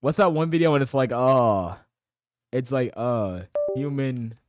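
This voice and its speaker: A man's voice: medium pitch, expressive, measured pace. A young man streaming a reaction, talking in a casual, rambling, profane way and correcting himself as he goes.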